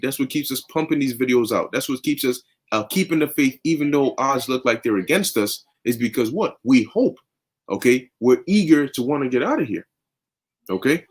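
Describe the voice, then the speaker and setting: A man's voice: on the high side, husky. A young man teaching scripture in a fervent, conversational way, often tagging sentences with "man" and "okay". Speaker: preacher.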